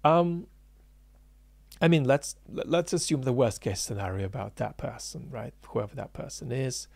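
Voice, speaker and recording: Guy doing political commentary, gravelly voice, dry close sound, lots of ums. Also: medium pitch, moderate pace, darkish tone, no echo. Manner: thinking aloud with frequent ums and restarts; emphatic, argumentative. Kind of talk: unscripted commentary.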